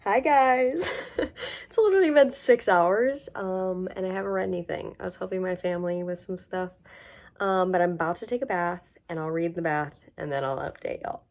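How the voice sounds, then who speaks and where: A woman with a low, gravelly voice chats excitedly through a casual reading vlog. Her tone is mellow and dark, and she fills her speech with "like" and "literally" as she recaps the story. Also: fairly quick. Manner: chatty and excitable, lots of "like" and "literally". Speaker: book vlogger.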